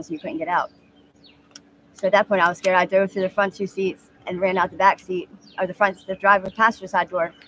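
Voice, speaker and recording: A woman in her mid-thirties speaking frankly in a street interview, halting with many ums and likes. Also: fairly low pitch, slight background noise. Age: 30s.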